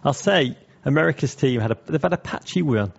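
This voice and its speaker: A man co-hosting a podcast, chatting with wry, quick-witted banter. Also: mid-range voice, animated, vocal fry, lo-fi sound. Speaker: podcast co-host. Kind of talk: casual chat.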